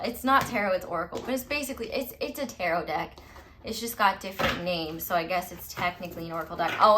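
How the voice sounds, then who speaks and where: Over some background noise, a medium-pitched woman offers a laid-back pick-a-card tarot reading. She's emphatic and talkative, full of "like," with casual cursing and plenty of laughs between remarks.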